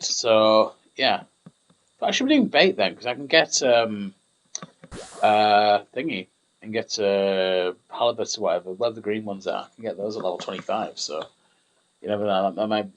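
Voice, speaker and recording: A man's voice: lowish voice, lively intonation, normal speed, low-quality recording. A young man rambling through casual gameplay commentary, chatty and self-mocking.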